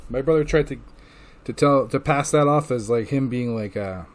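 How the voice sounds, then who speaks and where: A man's voice: mid-range voice, moderate pace. A man giving a loose, casual recap of comic books he has read, full of filler words and swearing. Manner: loose and profane, with filler words and acted-out quotes. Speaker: comic book reviewer.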